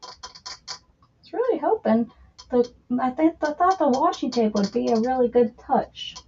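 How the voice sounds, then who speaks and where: A woman chats her way through a craft project on a livestream, playful and talking straight to her viewers. Her voice sits fairly high and bounces lively up and down, with an unhurried, drawn-out delivery. The audio is dull and lo-fi. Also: slight background noise. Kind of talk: casual live crafting chat.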